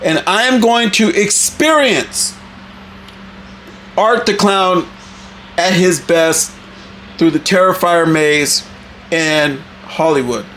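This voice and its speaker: A man hosting an excited toy unboxing review, talking in a hyped, animated, casual way with some cussing. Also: high voice, slow pace, long pauses, slight background noise.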